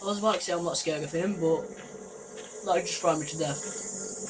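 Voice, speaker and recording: Young guy playing a horror game, kinda high voice, noisy recording, jumpy and screamy. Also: moderate pace. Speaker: gaming YouTuber.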